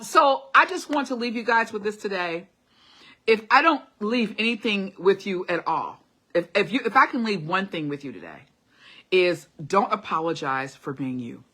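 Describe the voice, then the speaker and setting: A woman's voice: medium pitch, sharp tone. A middle-aged woman hosting a live motivational talk, encouraging viewers with repeated short urgings and frequent laughter. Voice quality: classically trained singer. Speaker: host of a live motivational stream. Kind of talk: casual motivational talk reading live comments.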